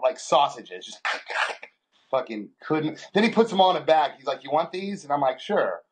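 A man's voice: on the high side, lively intonation, normal speed, a crowd in the background. A man co-hosting a podcast, telling crude stories in casual chat, swearing freely and laughing often. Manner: crude, joking storyteller who swears a lot and laughs often. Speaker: podcast co-host.

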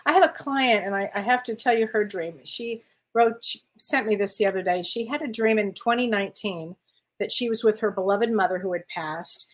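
A woman co-hosting as a spiritual medium, chatting casually, affirming and quick to laugh. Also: mid-range voice, low-quality recording. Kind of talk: casual chat.

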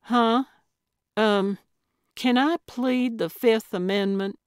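A woman voicing a feisty, eccentric elderly woman amateur sleuth, quick-witted and cheeky in an audiobook. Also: fairly high pitch, clear, resonant tone, dry recording, studio quality, voice pushed up.

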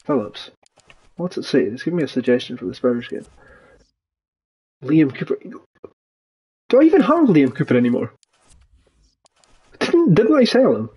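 A man's voice: a little high, sing-song, normal speed, pauses often, warm tone, breathy edge, poor audio. A young man commentating his football video game, ranting and swearing at the play. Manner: swears a lot, rants, voice jumps up when angry. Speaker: gaming channel host. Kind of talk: frustrated gameplay commentary.

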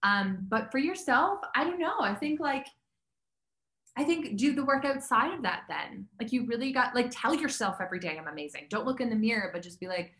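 A woman's voice: fairly high pitch, expressive, moderate pace, fairly bright tone, roomy sound. A woman talking as a health coach guest in a casual interview, chatty and upbeat, with many fillers.

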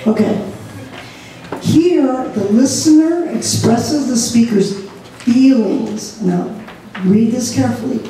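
Animated woman teaching in an echoey room. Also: on the high side, slow pace, pauses often, a little hiss or hum. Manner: animated, laughing, acts out examples. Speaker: ministry group leader trainer. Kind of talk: church training session. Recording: echoey room, mic far off.

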